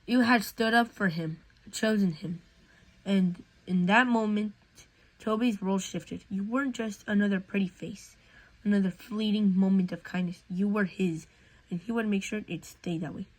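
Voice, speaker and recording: A woman's voice: medium pitch, normal speed, poor audio. A woman reading a fan fiction story aloud in a casual way, with slips and restarts.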